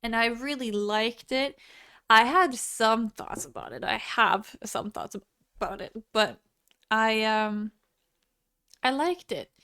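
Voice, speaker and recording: Chatty woman with hiccups, clear voice. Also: a little high, expressive, slow, bright, forceful tone. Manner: rambling, self-interrupting, laughing. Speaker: movie reviewer. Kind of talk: casual unscripted monologue.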